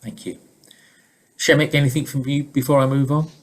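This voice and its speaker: A middle-aged man, a leadership trainer and coach, giving an informal webinar presentation over a video call in a relaxed, conversational storytelling manner. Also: mid-range voice, normal speed, breathy edge.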